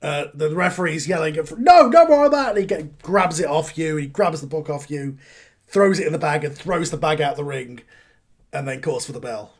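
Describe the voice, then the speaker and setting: A man's voice: a little high, steady tone, moderate pace, breathy edge. A man running a tabletop wrestling game as game master, talking casually and thinking aloud.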